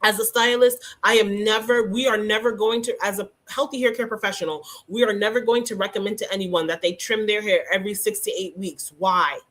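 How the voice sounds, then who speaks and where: A woman hosting a casual hair care livestream, teaching and teasing viewers by name in an animated way. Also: mid-range voice, fairly quick, few pauses.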